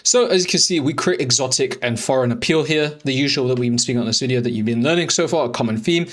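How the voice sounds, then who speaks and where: A young man coaching as a dating expert, talking over chat screenshots in a mocking, profane, rapid-fire way. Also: medium pitch, fairly bright tone.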